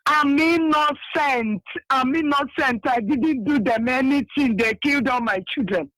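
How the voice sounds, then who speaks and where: A man's voice: very high voice, lively intonation, moderate pace, a bit bright, dry recording, full character voice, rough recording. A man voicing a grieving, barefoot mother figure who sobs and pleads, repeating herself. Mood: sobbing. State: crying. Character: grieving old mother woman, barefoot, wailing.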